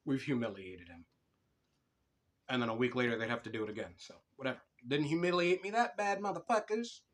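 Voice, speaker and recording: Young guy cohosting a podcast, swears constantly, tells stories all animated, normal middle voice. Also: mid-range voice, racing. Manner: swears a lot, animated storytelling. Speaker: podcast co-host. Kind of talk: casual podcast chat.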